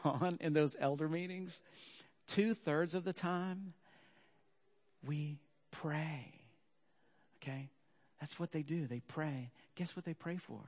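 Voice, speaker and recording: Middle-aged male preacher, slightly high voice, casual storytelling sermon. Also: darkish tone, big-room sound. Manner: chatty, storytelling, frequent "okay?" asides.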